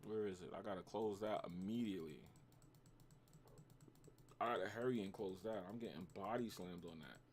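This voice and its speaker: A man's voice: low-pitched, moderate pace, pauses often, a little hiss or hum. A man with a New York accent, hosting a casual trading livestream, bantering with his chat in slangy talk and reacting to his trades.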